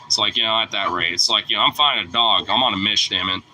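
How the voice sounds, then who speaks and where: A man's voice: on the low side, racing, sharp tone, slight background noise, low-quality recording. A young man vlogging, telling a rambling, profane story in casual chat, full of filler words.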